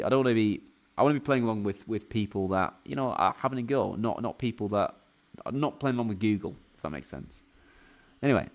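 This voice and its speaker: Chatty man hosting a quiz stream. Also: on the low side. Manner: chatty, rambling, lots of "you know" fillers. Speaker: quiz game host and player. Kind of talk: live-streamed quiz play-through commentary.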